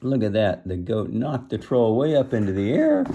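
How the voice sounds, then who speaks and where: A man reading a storybook aloud to children, pausing to explain words and show the pictures. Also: fairly low pitch, wildly swooping pitch, noisy background.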